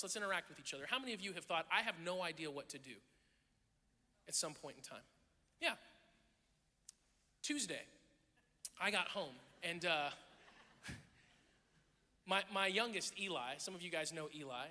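A middle-aged pastor delivers a sermon in a very bright, lively voice that sits high for a man, and a long reverb trails off every line in the hall. His storytelling is animated, full of jokes and acted-out quotes as he plays the people in his stories.

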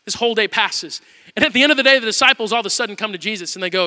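Bright-voiced man preaching in a hall. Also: high voice, racing. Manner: animated storytelling, acts out quotes. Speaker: pastor. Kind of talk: sermon.

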